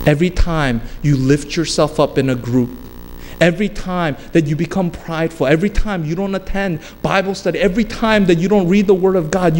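Speaking fairly quickly in a slightly high voice, a man preaches an emphatic, repetitive sermon and slips into relaxed storytelling asides. The pastor's voice carries a long hall reverb over faint background noise.

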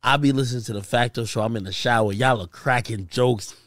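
A man from Jamaica, a guest on a podcast, talking in excited banter and cutting in with repeated exclamations. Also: mid-range voice, a little fast. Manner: animated, interrupting with repeated "yo"s.

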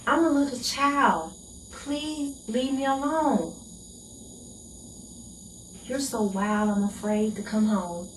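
A desperate, broken young woman, played by an actress, begs in a slow, raw voice pitched a touch high. Her dramatic poetry performance rings in an echoey room with faint crickets outside. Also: noisy background. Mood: hushed. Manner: pleading, emotionally raw delivery.

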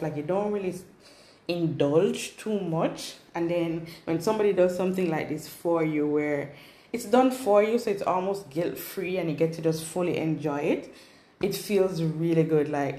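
A woman with a low, mellow voice and a Jamaican accent chats casually in a storytime vlog, rambling along with asides and fillers. The recording has a roomy echo.

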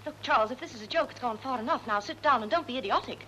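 Brisk, scolding wife, as a woman plays her. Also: on the high side, pushed and bright, slight background noise, low-quality recording. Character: brisk, sensible English wife losing patience.

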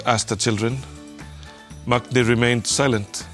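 Male storybook narrator, measured, mid-pitched, faint music behind. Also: fairly bright tone. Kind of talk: storybook reading.

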